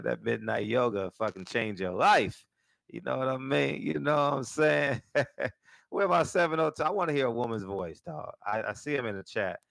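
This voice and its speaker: Gravelly low-voiced man hosting a call-in. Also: a bit bright, dry recording. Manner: laid-back, slangy, laughs often. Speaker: live call-in show host. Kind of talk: casual live-stream chat.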